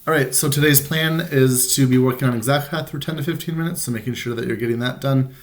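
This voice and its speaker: A man with a voice of ordinary, middle pitch reads a children's novel aloud to his students. He keeps it plain and unhurried, only lightly voicing the characters, like a teacher reading to the class from home. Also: slight background noise. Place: room at home with a printer nearby.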